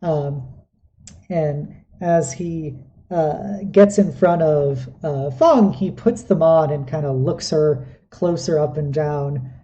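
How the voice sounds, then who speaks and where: A woman running a tabletop game as game master, narrating in a relaxed, rambling, hesitant way. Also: low-pitched, slow pace, dull audio.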